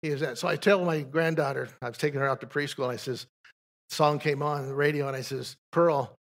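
Older male pastor, gravelly, folksy pulpit testimony, trips over his own starts. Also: fairly high pitch, fairly even intonation, brisk. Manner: folksy storytelling with frequent restarts.

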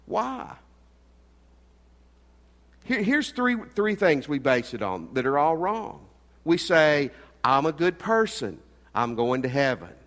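A man's voice: fairly high pitch, big pitch swings, slow, pauses often. Earnest preaching man in a reverberant church. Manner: earnest, swings between loud emphasis and quiet asides. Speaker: pastor. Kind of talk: sermon. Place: church sanctuary. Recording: long hall reverb.

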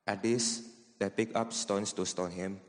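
A man reading a Bible passage aloud at a steady, deliberate pace. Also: on the low side, in a large hall. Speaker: scripture reader. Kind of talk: scripture reading.

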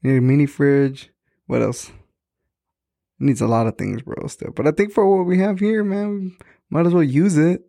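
Young male co-host, slightly high but gravelly and dark voice, dry close sound, relaxed and profane. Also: normal speed, no room sound. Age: young adult. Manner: laid-back, swears freely, laughs often. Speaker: podcast co-host. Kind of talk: casual chat among friends.

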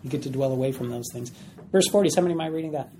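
Man teaching a Bible study, dark voice. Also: medium pitch, very fast, slight background noise. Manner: explains plainly, acts out voices.

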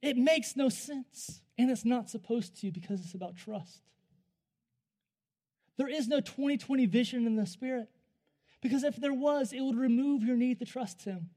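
A man delivers a storytelling sermon, his voice sitting high yet warm and soft-edged. He swings between hushed asides and loud bursts. He speaks straight to the people listening. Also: normal speed. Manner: talks to the audience directly. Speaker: preacher sharing a testimony.

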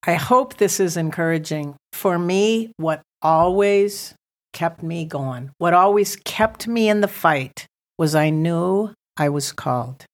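A middle-aged woman tells her story as a podcast guest, in a lowish voice with a gravelly edge. She acts out her prayers with rising emotion and speaks earnestly. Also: slow pace. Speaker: ministry founder, guest. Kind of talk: testimony in a podcast interview.

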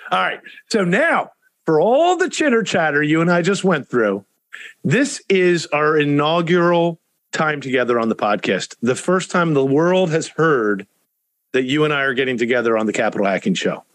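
A man's voice: a little high, lively intonation, normal speed, fairly bright tone, no echo. A man hosting a podcast in enthusiastic, rambling casual chat. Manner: enthusiastic, talks in long rambling runs. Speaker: podcast host.

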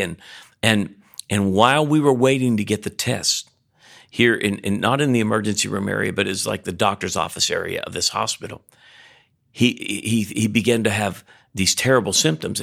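A man's voice: on the low side, gravelly, a bit bright. A middle-aged male pastor preaching a sermon, telling a personal story with frequent restarts and emphatic peaks.

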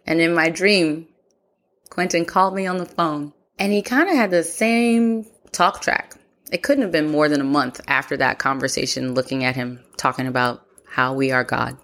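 A woman's voice: low-pitched, moderate pace, a bit bright. A woman telling a personal story in a reflective way, acting out remembered conversations. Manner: reflective, acts out remembered dialogue. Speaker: podcast host.

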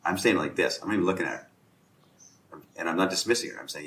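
A man with a very low voice talks through a casual round-table discussion. He acts out both sides of the exchanges he describes. The room around him rings with echo. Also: quick pace, fairly bright tone. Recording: echoey room.

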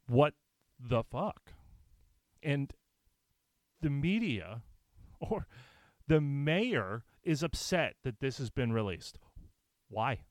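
A man's voice: medium pitch, very animated, very slow, long pauses, dry recording. A man vlogging, reading aloud and commenting in a blunt, profane, indignant way with sarcastic asides.

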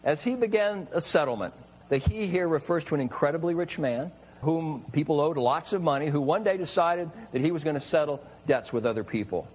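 A man's voice: a little high, animated, fairly quick, darkish tone, a little hiss or hum, poor audio. A man preaching a sermon, emphatic and full of rhetorical questions to his listeners.

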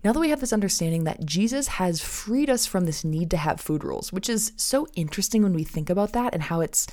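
A woman's voice: fairly low pitch, warm tone. A woman in her thirties hosting a nutrition podcast, talking to listeners as friends and acting out little inner voices in asides. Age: 30s. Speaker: podcast host. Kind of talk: faith-based nutrition podcast talk.

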